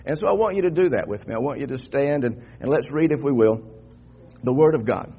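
A man's voice: medium pitch, animated, a little fast, dark tone, slightly rough. Older male pastor preaching, dull lo-fi sound. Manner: conversational preaching that climbs into fervent emphasis. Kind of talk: Easter sermon. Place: church sanctuary. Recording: dull lo-fi church recording.

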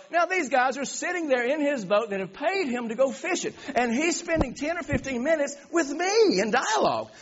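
A male preacher telling a story in a sermon, animated, stumbling over restarts and laughing along the way. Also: extremely high pitch. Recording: dull lo-fi recording.

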